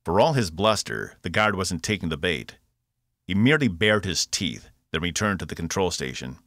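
Man, deep voice, gravelly, very animated, dry close recording, audiobook narration. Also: moderate pace, dry recording. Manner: expressive, voices all characters. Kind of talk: scripted narration.

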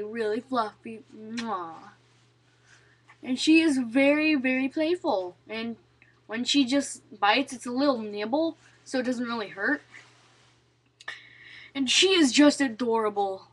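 A woman's voice: fairly high pitch, a little slow. A young woman casually vlogging at home, chatting to the camera and cooing at her pets. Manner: chatty, talks baby talk to pets. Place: at home indoors.

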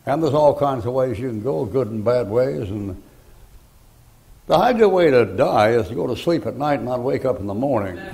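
An older man preaching a sermon, telling folksy stories and breaking into loud, emphatic bursts. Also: medium pitch, lively intonation, normal speed, vocal fry, rough recording. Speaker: pastor.

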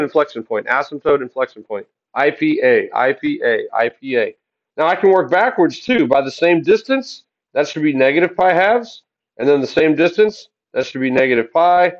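A man's voice: fairly high pitch, muffled recording. A man teaching a math class in an upbeat, jokey way, asking the class questions as he works through the graphs. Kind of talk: classroom lesson.

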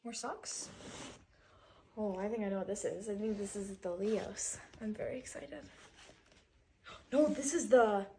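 A woman's voice: mid-range voice, takes it slowly, pauses often, mellow, slight background noise. A woman unboxing a package in casual chat, gasping and gushing with delight at each item. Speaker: brand ambassador unboxing a package.

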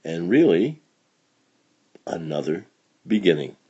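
Male storyteller, children's read-along, warm dark tone, animated delivery. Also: low voice, slow pace, husky, highs cut off. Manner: expressive, lively storytelling.

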